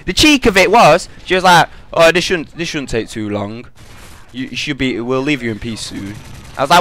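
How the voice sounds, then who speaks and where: A man's voice: mid-range voice, sing-song, moderate pace, sharp tone. A young British man in a gaming commentary rant, telling an angry, profane story.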